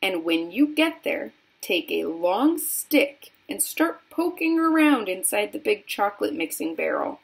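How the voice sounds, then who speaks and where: A woman reading aloud voices an eccentric, brisk male chocolate factory owner who gives commands. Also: mid-range voice, very animated, creaky, slightly rough, full character voice. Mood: instructing.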